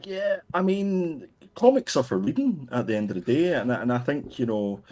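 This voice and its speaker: A man co-hosting a casual comics chat, dry and teasing with halting starts. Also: medium pitch, lively intonation, warm tone. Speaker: podcast co-host.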